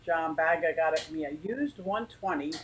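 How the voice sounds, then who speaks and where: A woman's voice: low voice, moderate pace, slight background noise, poor audio. A woman hosting a casual livestream from her living room, rambling chattily and greeting viewers by name. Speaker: aquarium channel host.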